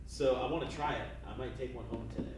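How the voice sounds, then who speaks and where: A man's voice: medium pitch, steady tone, quick pace, a loud crowd. A young man hosting a podcast interview, loose and rambling, tipsy, swearing and laughing often. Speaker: podcast host. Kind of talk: casual drunk interview chat. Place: small cluttered podcast studio corner.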